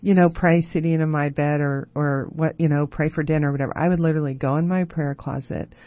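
Guest woman, lowish voice, storytelling with easy laughs, dry and slightly dull recording. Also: fairly even intonation, fast talker, no echo. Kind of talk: casual chat.

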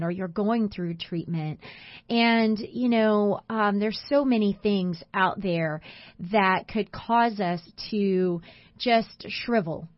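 A woman's voice: on the low side, no echo. A woman hosting a Christian talk show, speaking encouragingly to listeners and guests. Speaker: radio show host. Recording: dull lo-fi sound.

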